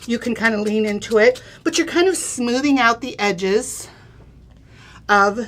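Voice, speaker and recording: Middle-aged lady demoing crafts live, kinda high voice, chatty, keeps asking okay? right?. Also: lively intonation, measured pace, a bit bright. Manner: chatty, step-by-step instructions with frequent "okay?" and "right?". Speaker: crafting demonstrator. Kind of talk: live craft product demo.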